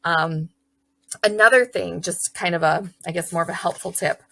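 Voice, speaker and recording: A woman's voice: on the low side, normal speed, creaky, sharp tone, no echo. A young woman teacher explaining how to guide young children's writing in a chatty, upbeat way. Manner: chatty, upbeat, acts out child voices and praise.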